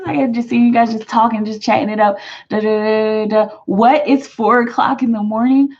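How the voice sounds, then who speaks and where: A woman's voice: fairly high pitch, steady tone, a little mellow. A woman hosting a live tarot stream, chatting casually and rambling as she reads out viewers' comments. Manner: rambling, chatty, lots of "like" fillers and quick laughs. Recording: muffled lo-fi live-stream audio.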